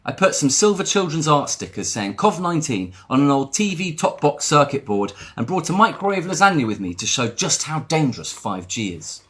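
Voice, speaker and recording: A man narrates a satirical documentary in a dry, ironic deadpan. His pitch is a bit high for a man and swings widely through each line. The delivery stays scripted and poised. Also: brisk, few pauses. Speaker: comedian narrating his own film.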